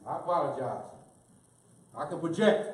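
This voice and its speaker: A man giving an impassioned lecture, preaching fervently and repeating points, sometimes loud. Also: fairly high pitch, expressive, moderate pace. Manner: fervent, preaching, repeats himself, gets loud then apologizes. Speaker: speaker. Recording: roomy, from far off the mic.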